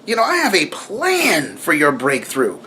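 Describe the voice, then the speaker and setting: A man voicing God as a reassuring figure, speaking in emphatic, drawn-out promises. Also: fairly high pitch, wildly swooping pitch, bright, forceful tone, a little hiss or hum, exaggerated voice.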